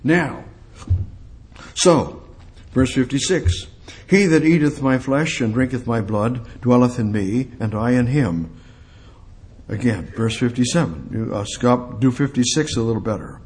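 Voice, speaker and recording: Guy preaching a bible study, slow deliberate delivery, middle pitch, repeats words for emphasis. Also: a little mellow. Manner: reads verses aloud then comments with emphatic repetition. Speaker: preacher teaching scripture.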